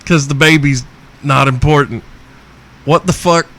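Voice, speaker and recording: A man's voice: on the high side, fairly even intonation, measured pace, fairly bright tone. Foul-mouthed man ranting as podcast host. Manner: profane, joking, chuckles often. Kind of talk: crude comedic rant answering listener questions.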